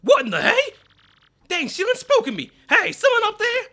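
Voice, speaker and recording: A man voicing a jumpy little hillbilly creature fighter with shrill, twangy yelps. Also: huge pitch swings, normal speed, pushed and bright, full character voice. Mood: startled.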